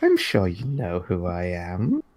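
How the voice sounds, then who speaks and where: A man's voice: low voice, huge pitch swings, unhurried, darkish tone, a little hiss or hum, heavily acted. A man voicing a flirty, teasing female character in a coy, playful way.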